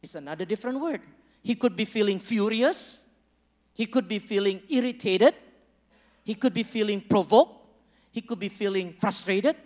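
Chatty pastor in an echoing hall. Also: male voice, high voice, expressive, moderate pace. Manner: conversational, joking with the congregation, acts out little dialogues. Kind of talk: sermon. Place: church hall. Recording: long reverb of a large church hall.

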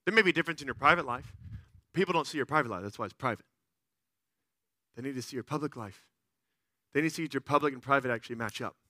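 This pastor's voice sits high as he preaches with animation, alternating excited loud outbursts with earnest quiet stretches and mimicking those he quotes in a playful way. It's a studio-quality recording with no room sound.

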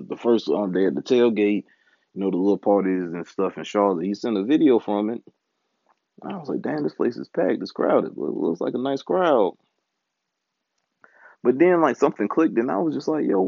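A man's voice: sits low, dry recording. Frustrated, cursing man ranting. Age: adult, married. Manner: frustrated, profane, rambling. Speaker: podcast host. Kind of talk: casual ranting monologue. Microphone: home recording setup. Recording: dull, dry lo-fi home recording.

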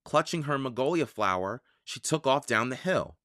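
A storyteller slowly and expressively narrating a children's audiobook. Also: mid-range voice, lively intonation, fairly bright tone, no room sound, clean studio sound. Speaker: audiobook reader.

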